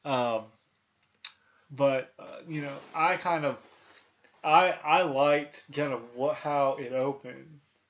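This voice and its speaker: Thirties male host, casual movie chat, rambling delivery, mid-pitched voice, slightly dull recording. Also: fairly even intonation, slow pace, a bit bright. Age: 30s. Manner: rambling, many restarts and fillers, retells scenes. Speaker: podcast host.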